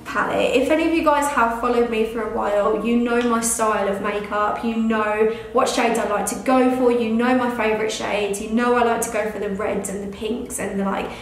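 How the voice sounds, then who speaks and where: A British woman in her twenties chats to camera as a beauty vlogger, gushing and emotional and tripping over her words. Her voice sits a little high for a woman. It rings out through a very echoey room. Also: steady tone, fairly quick, few pauses, a little hiss or hum. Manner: gushing, emotional, many restarts. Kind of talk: casual talk to camera.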